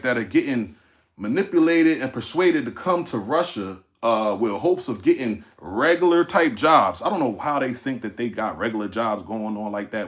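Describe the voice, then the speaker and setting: A man's voice: mid-range voice, a bit bright. A man with an African American accent hosting a casual commentary monologue, rambling and emphatic, talking straight to his listeners and swearing freely. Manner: rambling, emphatic, profane, addresses listeners directly.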